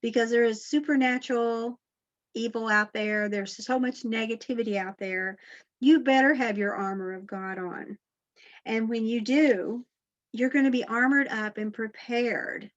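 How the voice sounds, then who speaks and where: A woman's voice: a little high, fairly even intonation, a little slow, lo-fi sound. A woman giving an inspirational faith talk, earnest and encouraging, often putting questions to her listeners. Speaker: Christian motivational speaker.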